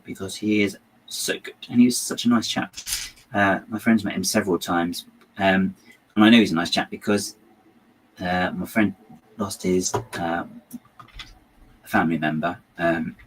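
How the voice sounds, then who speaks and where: Rambling low-voiced man chatting while building. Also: a bit bright, a little hiss or hum, rough recording. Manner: rambling, self-interrupting, muttering to himself. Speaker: LEGO building channel host. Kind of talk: casual chat while building.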